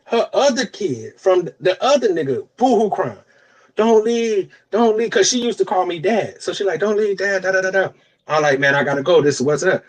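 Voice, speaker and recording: A podcast co-host, a young man with a high, slightly rough voice, recounts a long story in relaxed, foul-mouthed banter. He's animated throughout and performs the other characters' quotes in their own voices.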